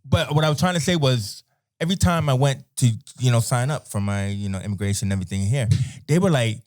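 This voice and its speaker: A man's voice: mid-range voice, fast, no room sound, studio quality. A middle-aged American man from New York, telling laid-back stories with frequent laughter as a podcast guest. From United States. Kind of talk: casual chat.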